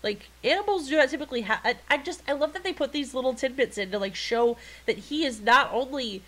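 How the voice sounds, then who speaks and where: Woman, podcast co-host, casual chat, excitable, swears, fairly high voice. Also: fast talker. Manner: excited, swears freely, laughs often.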